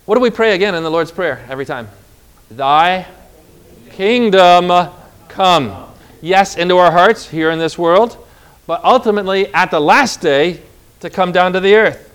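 Guy preaching, pretty high pitched, leans hard on words and gets the crowd to repeat stuff. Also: moderate pace, fairly bright tone, smooth. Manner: emphatic, draws out key words, asks the congregation to repeat. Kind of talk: sermon.

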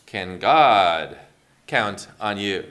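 A man's voice: fairly low pitch, animated, drawn-out words, fairly bright tone. A male pastor preaching a sermon, asking the congregation questions and calling on members by name.

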